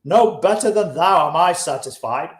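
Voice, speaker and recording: A man reading the part of a poor, wistful lyre player, speaking measured old-fashioned English. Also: on the high side, expressive, close to an everyday voice. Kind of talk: audiobook-style reading of a classic. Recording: roomy echo.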